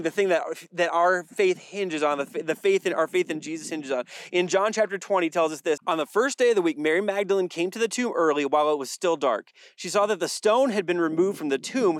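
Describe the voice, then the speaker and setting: Male pastor, high voice, conversational sermon delivery with wry asides, dry recording. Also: dry recording. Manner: conversational preaching with dry jokes and repeated phrases.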